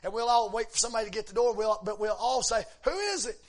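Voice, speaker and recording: A man with a voice that sits high preaches a sermon, shifting between relaxed storytelling and shouted, drawn-out exhortation. He sprinkles in frequent amens.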